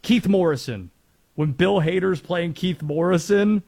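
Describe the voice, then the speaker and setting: A man's voice: sits high, a little slow, gravelly, darkish tone. A man from North Carolina hosting a sports talk show, chatty and joking.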